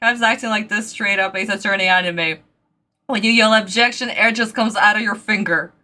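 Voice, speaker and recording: A woman hosting a reaction video, talking casually into her microphone at home, excitable and exclamatory, then rambling apologies. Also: medium pitch, moderate pace. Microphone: desk microphone.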